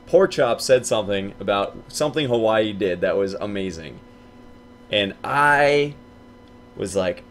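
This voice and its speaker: A young man telling a story casually to his viewers, acting out what his friends said in hushed and loud voices. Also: on the low side, animated, a little slow, a little hiss or hum.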